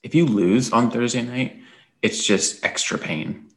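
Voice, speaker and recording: A man's voice: medium pitch, unhurried, fairly bright tone. A man co-hosting a sports podcast, sounding tired from an early morning and talking in a chatty, rambling way. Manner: chatty, rambling, with frequent "um"s and restarts. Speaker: podcast co-host. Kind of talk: casual sports podcast chat.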